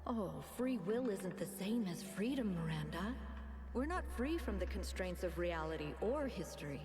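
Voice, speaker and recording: A woman's voice: medium pitch, lively intonation, normal speed, lightly acted. An actress playing a thoughtful female robot and idealistic leader who speaks in an earnest, reasoned way, heard as game audio. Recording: game audio with reverb and music.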